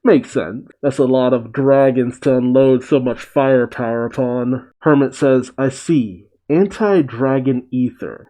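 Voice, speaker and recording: A man's voice: mid-range voice, a little slow, few pauses, dark tone, low-quality recording. A man reading a manga chapter aloud and narrating its dialogue, breaking off for dry, wry comments of his own. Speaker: manga reaction host.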